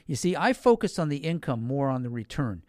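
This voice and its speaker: A man's voice: mid-range voice, big pitch swings, brisk, darkish tone, dry recording, clean studio sound. A man explaining financial products in a folksy, repetitive sales manner, talking directly to the listener and stressing key words. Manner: folksy, repeats points, talks directly to listeners. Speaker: financial advisor.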